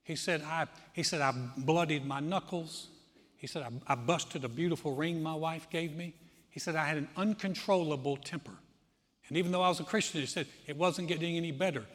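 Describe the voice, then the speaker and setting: A pastor preaches with animated storytelling, slipping into the voices of the people in his stories. His voice sits a little high for a man, and a long reverb trails each phrase through the hall. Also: a little fast. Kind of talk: sermon.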